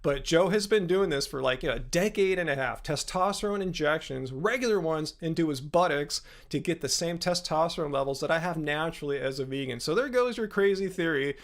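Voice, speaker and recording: A man's voice: a little high, a little fast, hardly any pauses. A man in his fifties hosting a live stream Q&A, combative and sarcastic, talking to chat commenters by name and rambling with restarts. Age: 50s. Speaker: livestream host.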